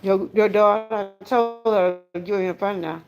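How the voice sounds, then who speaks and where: A woman's voice: medium pitch, fairly even intonation, measured pace, highs cut off, over music. An older woman, hosting a casual livestream, chatty and laughing often as she talks straight to her viewers. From Georgia, US. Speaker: livestream host.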